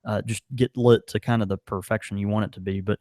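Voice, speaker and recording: A man's voice: lowish voice, fast talker, no echo, studio quality. A man co-hosting a podcast in casual chat, rambling with lots of fillers. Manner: rambling, many fillers, animated. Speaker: podcast co-host.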